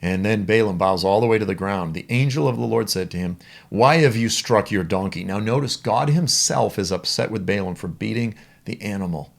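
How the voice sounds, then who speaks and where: A man's voice: on the low side, fairly quick, creaky, hardly any pauses. A man teaching the Bible in a conversational, storytelling way.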